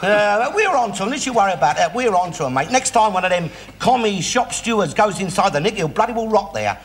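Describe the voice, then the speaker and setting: An actor playing a loud, bigoted, blustering middle-aged father, ranting and sneering in an old TV sitcom. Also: high-pitched, expressive, fairly quick. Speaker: sitcom character. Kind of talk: 1960s TV sitcom acting. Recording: hissy old TV recording.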